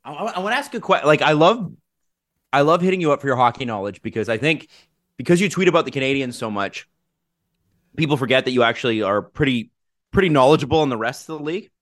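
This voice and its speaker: A man in a casual hot sauce tasting chat, his pitch swinging widely as he whoops at the burn. His nose is running and he talks with lively energy. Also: fast talker. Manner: animated, whooping loudly at the heat. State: nose running from spicy food. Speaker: host.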